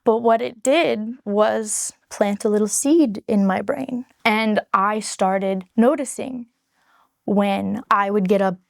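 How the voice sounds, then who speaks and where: A woman's voice: medium pitch, takes it slowly, vocal fry, no echo, studio quality. A woman speaking frankly and earnestly to camera as she tells her own story in a casual vlog. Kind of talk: candid personal storytelling to camera.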